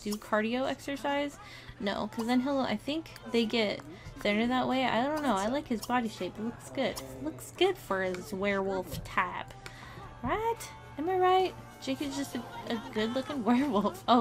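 A young woman giving a chatty, giggly commentary on a life-simulation game, often talking to her characters. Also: mid-range voice. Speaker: gameplay commentator. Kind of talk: casual let's-play commentary. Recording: faint game music behind.

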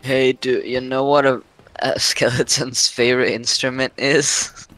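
A man's voice: mid-range voice, flat delivery, measured pace, a bit bright, no room sound, poor audio. A young man hosting a gaming video, joking and rambling in casual chat while he plays.

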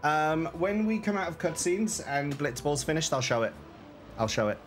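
A man's voice: a little high, normal speed, soft background music. A young man streaming a game, bantering and joking in rambling commentary. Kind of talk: live gameplay commentary.

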